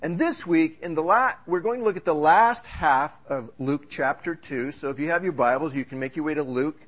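A man's voice: a little high, moderate pace, a bit bright. A man preaching a sermon as pastor in a church service, talking in a conversational, joking, storytelling way.

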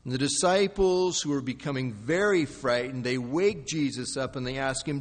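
A man preaching a sermon with dramatic shifts from soft, low passages to loud, pleading outbursts. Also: normal speed, few pauses, in a large hall. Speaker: pastor.

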